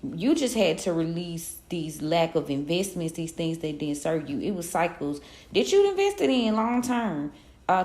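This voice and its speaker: Slangy, gravelly-voiced woman tarot reader. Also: deep voice, a little mellow, echoey room. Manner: loose, slangy pep-talk delivery with frequent laughs. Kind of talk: casual collective tarot reading.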